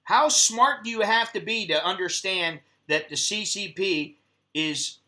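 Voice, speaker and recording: Bright-voiced, cursing American man ranting. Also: high voice, measured pace. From United States. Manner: profane, animated storytelling, acts out heated quotes. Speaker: live-stream host. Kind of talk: casual live-stream monologue.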